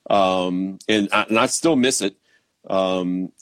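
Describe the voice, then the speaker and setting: A man's voice: low voice, takes it slowly, no room sound. A man from Baltimore, a drummer guest in a casual interview, talking in a laid-back, easygoing way with lots of ums. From Baltimore, Maryland. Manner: laid-back, relaxed, many ums and restarts.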